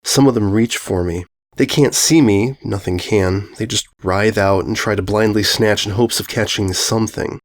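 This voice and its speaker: A man narrating a first-person ghost story aloud, in a brooding, unhurried, musing way. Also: lowish voice, fairly even intonation. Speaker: audiobook narrator.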